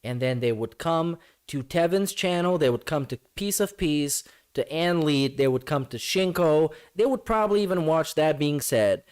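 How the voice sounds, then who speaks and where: A man hosts a reaction stream, sneering and swearing at the clip he plays. His voice sits a little high and swings widely in pitch as he mocks. The delivery is sarcastic and scornful throughout. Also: lively intonation, moderate pace, smooth. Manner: mocking, profane, sarcastic.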